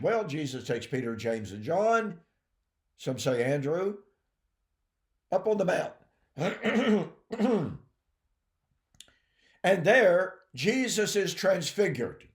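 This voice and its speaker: A man giving emphatic Bible teaching, calling his listeners "folks" and often clearing his throat. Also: high-pitched, echoey room. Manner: emphatic, addresses listeners as folks and ladies and gentlemen.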